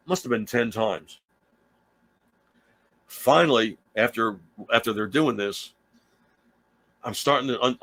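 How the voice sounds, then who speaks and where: A middle-aged man with a fairly low voice tells an old studio story in a loose, rambling way. He restarts phrases and drifts into asides as he talks from his small home studio. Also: a bit bright, dry recording, rough recording. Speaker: guitar teacher and livestream host. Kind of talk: casual storytelling.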